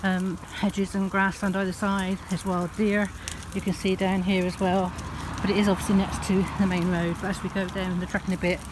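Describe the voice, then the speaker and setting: A woman with a Northern English accent vlogging casually as she walks a wet park track, chatty and given to high sing-song baby talk with her cats. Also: little pitch movement, normal speed, few pauses, background noise. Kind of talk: casual walking vlog.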